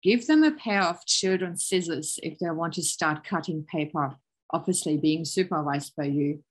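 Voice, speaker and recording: A woman's voice: low-pitched, moderate pace, rough recording. Encouraging woman presenting a parenting webinar. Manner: calm, encouraging, explains with examples. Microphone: video call.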